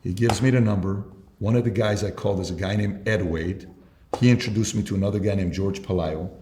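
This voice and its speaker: A man's voice: on the low side, fairly even intonation, fairly quick, noisy background. A man, a guest entrepreneur, giving advice in casual conversation, emphatic and repeating his key points. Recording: roomy echo.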